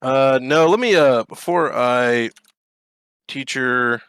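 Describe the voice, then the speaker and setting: A man's voice: mid-range voice, slow pace, a bit bright, clear, resonant tone, no room sound. A man co-hosting a gaming podcast, ranting in a casual, profane and sarcastic way. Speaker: podcast co-host. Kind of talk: casual chat.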